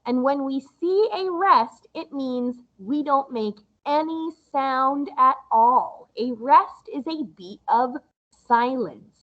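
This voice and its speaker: Slow, sing-song woman music teacher. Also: high-pitched, lively intonation, highs cut off. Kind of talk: recorded lesson for young children.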